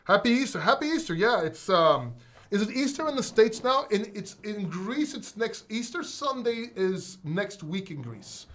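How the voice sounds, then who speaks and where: Excitable man hosting a crypto stream. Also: sits high, a little slow. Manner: emotional, excitable, swears freely; talks straight to his chat viewers. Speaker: crypto live stream host. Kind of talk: casual live stream chat.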